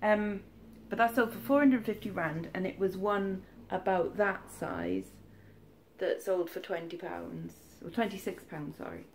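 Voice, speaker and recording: A woman talks through her charity shop finds in a loose, rambling vlog style. Her voice sits at a middle pitch, and she drifts into wry little asides as she goes. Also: animated, a little slow, slight background noise. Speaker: charity shop reseller vlogger. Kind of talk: casual haul vlog chat.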